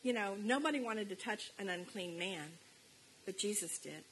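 A woman's voice: medium pitch, expressive, normal speed, fairly bright tone, slight background noise, poor audio. A middle-aged woman giving a conversational sermon in church, speaking earnestly and plainly and reading scripture aloud. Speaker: preacher. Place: church service.

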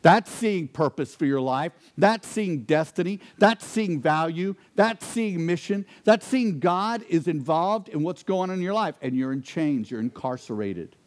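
A man preaches a sermon in a fairly high voice. He asks the congregation rhetorical questions and sinks to a hushed, intense tone to drive points home. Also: lively intonation, unhurried, hardly any pauses. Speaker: pastor.

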